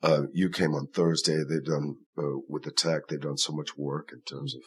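A man with a very deep, husky voice talks over his stage work in an interview. He is thoughtful and rambling, with plenty of fillers and restarts. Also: flat delivery, moderate pace. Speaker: actor in the play. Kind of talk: conversational interview.

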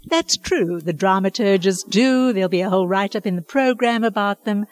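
An older woman, a dialect coach, speaks earnestly and emphatically in a conversational interview, clearly passionate about her craft. Her voice is medium in pitch, her pace moderate, and there's no echo.

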